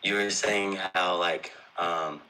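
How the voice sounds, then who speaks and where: A man's voice: low voice, steady tone, slow pace, pushed and bright. A man joining a live stream as a guest, reading a card aloud hesitantly and then asking a question.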